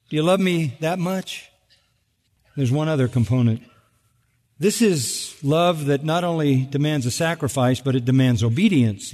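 A pastor preaches a lively sermon in a large hall, acting out quoted voices with big pitch jumps and sarcastic emphasis.

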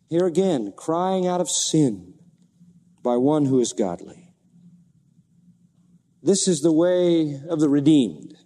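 A man's voice: fairly high pitch, very animated, a little slow, pauses often, dark tone. Preaching man in an echoing hall. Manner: expository preaching, rhetorical questions, dramatic scripture reading. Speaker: pastor. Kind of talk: sermon.

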